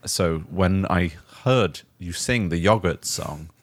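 A man's voice: sits low, slow pace, no echo. A man hosting a comedy podcast, rambling and laughing in casual chat. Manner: rambling, laughing, hesitant with fillers. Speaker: podcast host.

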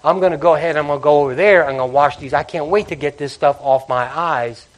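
A man preaching a sermon, telling stories with animated swings between loud outbursts and quiet passages. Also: fairly high pitch, quick pace. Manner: animated storytelling, acting out characters with loud outbursts and quiet drops.

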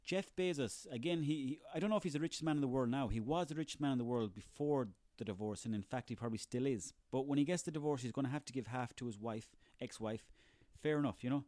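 An Irish man in his thirties rants for laughs, swearing freely and rambling from gripe to gripe with a sarcastic edge. His voice sits at an ordinary middle pitch, and the recording is close and dry with no room sound. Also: quick pace, few pauses, dark tone, no room sound. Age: 30s. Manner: profane, sarcastic, ranting, rambling. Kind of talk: comic rant monologue.

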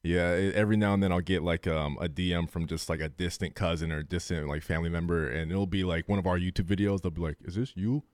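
Fast-talking dude on a podcast, deep voice, dry sound, lots of likes and curses. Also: male voice, fairly even intonation, no echo. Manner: fast, rambling, many fillers and curses. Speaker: podcast co-host. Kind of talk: casual chat.

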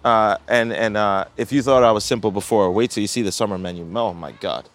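A man's voice: on the low side, fairly quick. A young man, a pizzeria owner telling a story in casual chat, profane and often laughing.

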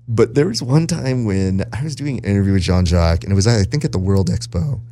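A man hosting a podcast, telling stories in casual chat and acting out quoted voices with lively jumps in pitch. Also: brisk. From Southern California. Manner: animated storyteller, acts out quotes. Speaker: podcast host and jiu-jitsu broadcaster.

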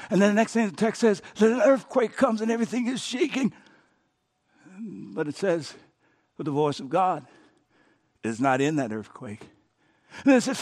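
A man preaching with a voice set high for a man. He pushes to fervent shouts, then drops to hushed, whispered words, acting out the scripture's speakers in a plain, folksy way. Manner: dramatic preaching, swings from loud shouts to hushed near-whispers; acts out biblical dialogue with colloquial flair. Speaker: pastor. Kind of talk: sermon.

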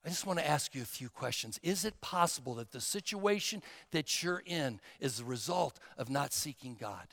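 A male pastor preaching a sermon, emphatic and dramatic, dropping to a hush and then rising to a shout. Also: on the high side, animated, normal speed, vocal fry, hardly any pauses, in a large hall. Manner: emphatic, swinging from hushed to shouting.

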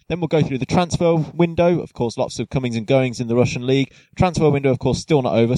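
A man's voice: mid-range voice, dark tone, no echo, rough recording. Chatty male podcast host, dry sound. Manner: friendly, chatty with fillers and restarts. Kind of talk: casual podcast chat.

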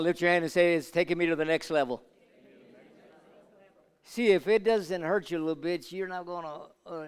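An older man preaching a sermon, moving from quiet Bible teaching to loud call-and-response with the congregation. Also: medium pitch, smooth. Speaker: pastor. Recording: long hall reverb.

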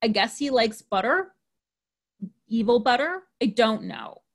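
A woman talks through folklore in a loose, chatty way, dropping in plenty of ums and likes. Her voice sits a little high for a woman and stays upbeat and conversational. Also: animated, unhurried. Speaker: podcast host. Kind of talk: casual folklore chat.

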